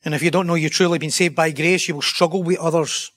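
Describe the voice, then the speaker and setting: A man preaches a sermon in a voice pitched a little above the usual male range. He talks with rising passion and presses his listeners with loud, emphatic rhetorical questions. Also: fairly even intonation, fast talker.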